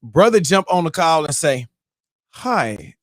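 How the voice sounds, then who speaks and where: A man hosting a morning show, telling stories in an animated, laughing way with loose slang. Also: medium pitch, normal speed, dry recording, clean studio sound. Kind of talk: casual chat and storytelling.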